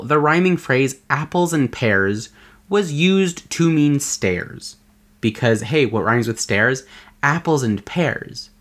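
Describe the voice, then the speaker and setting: Animated, chatty male podcast host. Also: mid-range voice. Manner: chatty and playful, with joking asides. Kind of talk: casual solo podcast chat.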